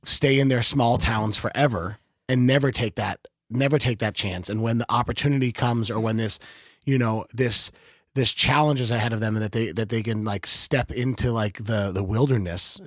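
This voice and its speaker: A man's voice: medium pitch, moderate pace, a bit bright, dry recording, clean studio sound. A man co-hosting a podcast, rambling and hedging with lots of fillers as he sets up questions. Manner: rambling, hedges with many fillers. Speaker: podcast co-host. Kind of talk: casual podcast conversation.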